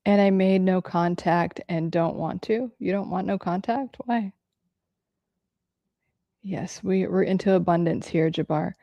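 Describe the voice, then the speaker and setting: Low, gravelly woman chatting with viewers. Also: steady tone, a little slow, dry recording, lo-fi sound. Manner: candid, reads comments aloud, swears freely. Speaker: livestream host answering viewer questions. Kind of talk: casual livestream chat.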